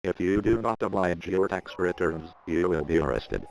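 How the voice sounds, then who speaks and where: A man's voice: deep voice, normal speed, gravelly, slight background noise, voice pushed down, poor audio. A man voicing a pushy scam caller posing as a deposed prince, in a mock-official, scheming manner.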